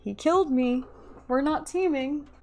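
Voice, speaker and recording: A young woman gaming YouTuber gives playful, theatrical live commentary on her gameplay, pleading with other players along the way. Her voice is high and a little mellow, at a measured pace. Faint keyboard typing and clicks can be heard in the background.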